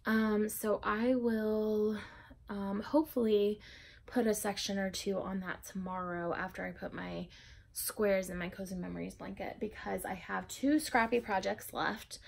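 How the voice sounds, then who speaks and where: Young woman knitting podcaster, super gravelly fry voice, kinda breathless, rambly, goes soft and whispery a lot. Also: medium pitch, steady tone, a little slow. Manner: chatty, rambling with many ums. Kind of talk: casual chat showing knitting projects.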